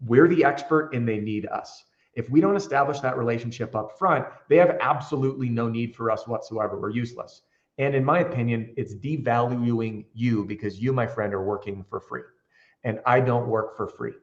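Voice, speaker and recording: Echoey, energetic male sales trainer. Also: mid-range voice, normal speed, highs cut off. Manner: energetic, candid, acts out quoted dialogue. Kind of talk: casual interview storytelling.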